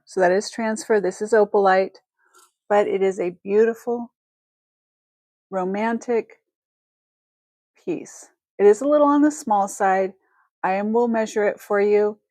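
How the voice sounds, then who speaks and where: A woman's voice: mid-range voice, dark tone, no room sound, clean studio sound. A woman hosting a casual live-stream, chatty and effusive as she thanks viewers and shows jewelry. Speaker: livestream jewelry seller.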